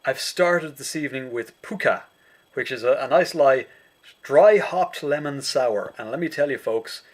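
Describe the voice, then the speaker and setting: A man's voice: medium pitch, a little slow. An Irish man hosting a casual online chat, rambling with dry jokey asides over a video call. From Ireland. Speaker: host.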